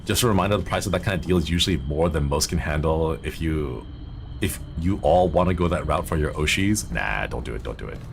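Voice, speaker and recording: A man streaming a horror game, chatting casually in a rambling, jokey way and getting easily excited. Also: a bass voice, brisk, slight background noise. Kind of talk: casual gameplay commentary.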